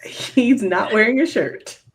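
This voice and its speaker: A woman narrating as game master in a tabletop game, measured and dryly amused. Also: on the high side. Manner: slow, measured, with light laughs.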